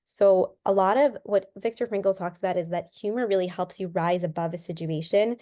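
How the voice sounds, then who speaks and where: A woman speaks as a counseling guest in a relaxed interview, her voice sitting in an ordinary middle range. She explains ideas through examples and often repeats a word as she restarts. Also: mid-range voice, normal speed. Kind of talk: casual interview talk.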